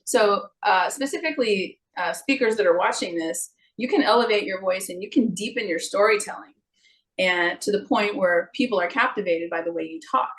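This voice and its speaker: A middle-aged woman guest talks about voice and singing in a relaxed interview. She is lively and expressive and sometimes drops into playful put-on voices to illustrate a point. Her pitch sits in a typical middle range for a woman. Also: normal speed, rough recording. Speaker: guest, singer and vocal coach. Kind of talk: casual interview chat.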